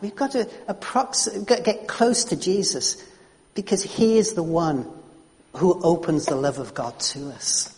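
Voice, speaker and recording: A man's voice: high-pitched, measured pace, darkish tone, in a large hall. A man preaching a sermon, chatty and storytelling, often repeating words as he restarts.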